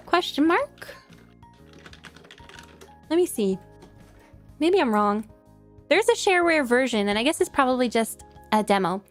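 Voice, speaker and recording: A young woman with a New York accent chatting casually with her stream, giggling often and trailing off into fillers and restarts. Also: high-pitched. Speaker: streamer answering viewer questions. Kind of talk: casual chat. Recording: faint music behind.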